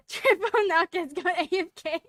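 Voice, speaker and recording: A woman's voice: very high-pitched, animated, slow pace, a bit bright, no room sound. A woman streaming a game, making giggly, rambling side comments between lines. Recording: game music playing under the voice.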